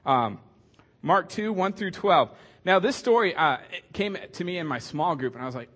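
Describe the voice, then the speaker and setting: Chatty pastor with a higher voice. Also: male voice, lively intonation, moderate pace, fairly bright tone, husky. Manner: conversational, joking, many fillers. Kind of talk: casual sermon.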